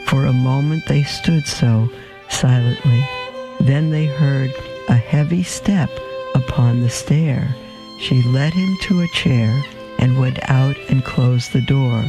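A male radio host reading a story aloud in a measured, expressive way. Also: medium pitch, over music.

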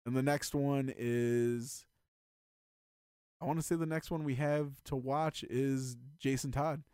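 A man chatting casually as a podcast host, excitedly rambling with lots of filler words. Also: medium pitch, takes it slowly, smooth, no room sound, studio quality. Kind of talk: casual chat.

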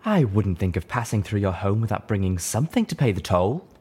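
A man's voice: on the low side, very animated, fairly quick, dark tone, husky. A man reading an audiobook, voicing an elegant, gracious unicorn mare who speaks in a formal, grandly polite and theatrical way. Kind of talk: audiobook reading of fan fiction.

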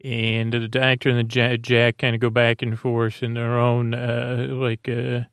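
Rambling, gravelly podcast host man. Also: medium pitch, completely flat delivery, unhurried, fairly bright tone, no echo, clean studio sound. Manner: rambling, many fillers and self-corrections. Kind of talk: casual episode recap.

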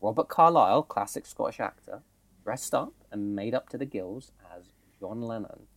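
A man's voice: on the low side, moderate pace. A young man, co-host of a casual podcast, animatedly recounting a film plot with laughs and swearing. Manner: animated, laughing, swearing, acts out quoted lines.

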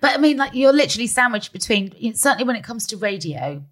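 A woman interviewer in a relaxed conversation, reflecting admiringly and thinking aloud. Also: on the high side, fast talker.

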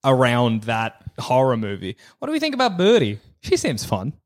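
Excitable man, lively pitch. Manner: excitable, jumping in with quick reactions. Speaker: podcast co-host. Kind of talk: comedy podcast chat.

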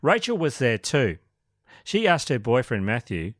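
A man's voice: medium pitch, a little slow, no echo, studio quality. Man narrating a true crime podcast. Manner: steady storytelling, light joking. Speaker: podcast co-host.

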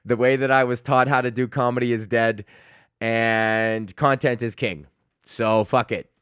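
A man's voice: medium pitch, steady tone, measured pace, a bit bright, smooth, no room sound, clean studio sound. A young man hosting his own comedy podcast, ranting with constant swearing and frequent laughter. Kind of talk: profane solo rant.

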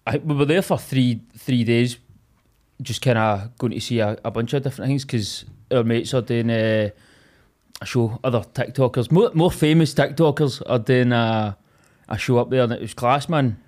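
A young Scottish man chatting as a podcast guest, swearing freely and laughing through animated stories. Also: medium pitch, normal speed. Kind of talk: casual chat.

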